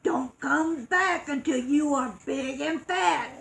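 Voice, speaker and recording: Woman putting on a slow grumbling storybook troll. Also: high voice, gravelly, heavily acted. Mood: grumbling shout. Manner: slow, loud, growling shouts. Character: mean hungry male troll under a bridge. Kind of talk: storybook reading.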